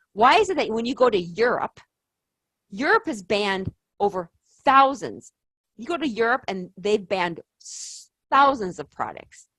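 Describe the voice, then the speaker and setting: A woman's voice: mid-range voice, fairly bright tone, no echo. A middle-aged woman hosting a casual health talk, rambling off on tangents and stressing her points with emphatic questions. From United States. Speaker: health channel host.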